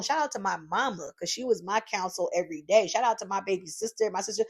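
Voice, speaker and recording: A woman hosting her own podcast, talking solo in a lively, encouraging way from her home craft room, calling her listeners "y'all.". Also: mid-range voice, fast talker, few pauses, breathy edge. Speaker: podcast host. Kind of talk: casual solo podcast monologue.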